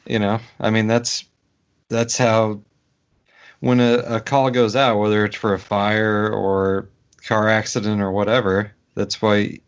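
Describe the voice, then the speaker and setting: Slow-talking low-voiced podcast man. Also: flat delivery, smooth. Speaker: podcast co-host. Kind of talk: casual political podcast chat. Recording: dull lo-fi podcast audio.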